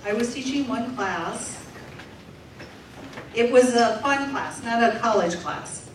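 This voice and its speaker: A woman interpreting a deaf comedian's stand-up set aloud for a live audience, in a lively, animated way. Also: a little high, slow pace, slight background noise. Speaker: sign language interpreter voicing a deaf comedian. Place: large room with a live audience. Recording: echoey distant room recording.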